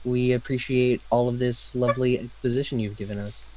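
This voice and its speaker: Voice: medium pitch, little pitch movement, a little fast, dull audio. A player in a tabletop game, teasing and laughing often. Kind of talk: casual chat, tabletop game.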